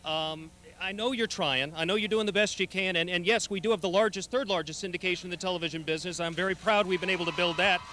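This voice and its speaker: Brief: quick, high man, stammering and condescending, business exec. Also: fairly even intonation, pushed and bright. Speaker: TV syndicator and owner. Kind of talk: scripted wrestling TV argument.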